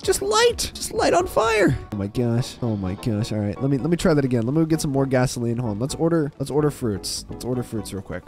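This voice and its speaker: A man giving excitable gameplay commentary, often exclaiming and squealing up high when thrilled. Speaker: gaming video creator.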